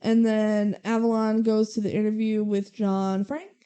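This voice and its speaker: A woman's voice: medium pitch, steady tone, measured pace, warm tone, clean tone. A young woman co-hosting a podcast, recapping a movie in casual, sarcastic chat. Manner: chatty, sarcastic, quotes characters in passing. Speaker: podcast co-host.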